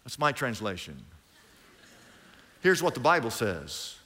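A middle-aged male pastor preaching a sermon in an animated, colloquial way, swinging from loud bursts to hushed asides. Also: mid-range voice, measured pace, long pauses. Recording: long hall reverb.

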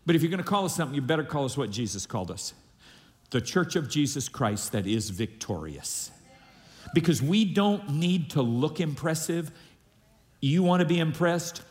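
Male pastor, slightly high voice, emphatic sermon delivery, long reverb from a church hall. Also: very animated, moderate pace, darkish tone. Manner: emphatic preaching with audience call-and-response. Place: church sanctuary.

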